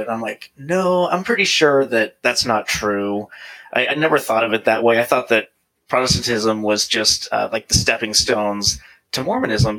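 A man's voice: on the low side, low-quality recording. A man recounting a personal faith story in casual conversation, often quoting himself. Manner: animated storyteller, quotes himself in lively voices. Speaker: guest telling his conversion story.

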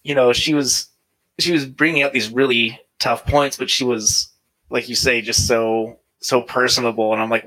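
A man's voice: medium pitch, moderate pace, poor audio. A man recounting a personal faith story in casual conversation, often quoting himself. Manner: animated storyteller, quotes himself in lively voices. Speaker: guest telling his conversion story.

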